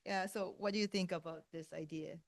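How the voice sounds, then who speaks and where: Woman running the q&a, lowish voice, polite, reading questions off, dry sound. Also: steady tone, fairly quick, creaky, no room sound. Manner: polite, reads out audience questions. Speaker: moderator. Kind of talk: moderating a Q&A.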